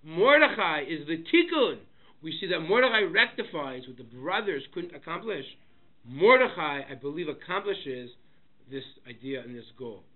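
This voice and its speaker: A man, a rabbi teaching a Torah class, who asks rhetorical questions and swings between loud emphasis and quiet asides, saying Hebrew terms with Ashkenazi pronunciation. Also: fairly high pitch, sing-song, moderate pace. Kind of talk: Torah lesson to students. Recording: tinny phone-like lo-fi audio.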